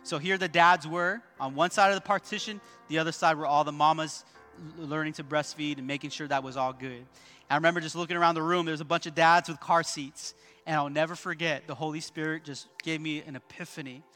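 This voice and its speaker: A man's voice: on the high side, fairly even intonation, a little fast, pushed and bright, faint music behind. A male pastor preaching a sermon at a church service, emphatic, repeating key points and calling out to the congregation.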